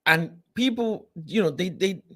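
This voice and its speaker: A man, the host of a football talk show, talks in a casual, animated way. His fairly high voice swings widely in pitch, and he repeats himself and turns loud when he gets worked up. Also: unhurried.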